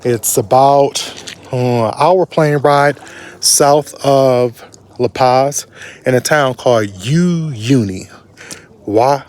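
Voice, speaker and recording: A man casually narrating his own travel vlog, slangy and animated, his voice jumping up in surprise. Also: slow. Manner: animated, slangy storyteller with big pitch jumps. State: short of breath at altitude. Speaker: travel vlogger.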